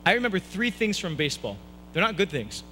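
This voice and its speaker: Brief: male preacher, high bright voice, self-mocking humor, church sermon. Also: sing-song, brisk, slight background noise, low-quality recording. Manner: playful, self-mocking, jokey asides.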